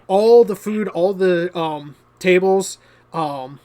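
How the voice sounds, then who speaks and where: High-voiced, slow game master man. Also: mellow. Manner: hesitant, many fillers. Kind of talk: narrating a tabletop game.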